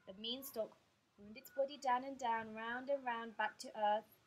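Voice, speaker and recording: A woman teacher reading a picture book aloud to her class in an expressive, lively way. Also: fairly high pitch, a little slow, a little hiss or hum, low-quality recording.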